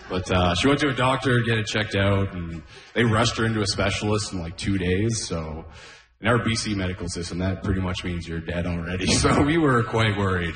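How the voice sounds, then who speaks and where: Male stand-up comic, lower register, casual and giggly delivery, roomy club mic sound. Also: a bit bright. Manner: chuckles at his own jokes, loose and conversational. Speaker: stand-up comedian. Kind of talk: stand-up comedy set. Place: comedy club stage with audience laughter.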